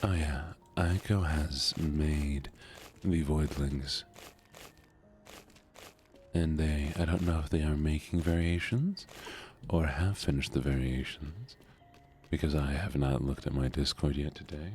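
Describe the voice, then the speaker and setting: Super deep sleepy guy streaming, soft spoken, slow and groggy. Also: steady tone, soft background music. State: tired, groggy morning voice.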